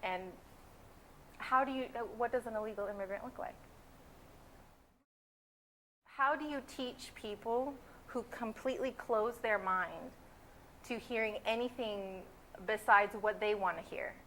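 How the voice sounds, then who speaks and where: A woman's voice: on the high side, measured pace, pauses often, a bit bright, slight background noise, poor audio. A woman in her twenties from California, a graduate student giving earnest, opinionated interview answers. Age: 20s. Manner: earnest and opinionated, building emphasis.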